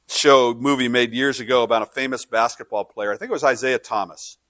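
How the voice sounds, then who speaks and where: Guy pastor preaching, chatty story mode then fired up, dry close mic sound, mid pitch. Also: a bit bright, dry recording. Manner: conversational storytelling, building to fervent preaching. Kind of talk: sermon.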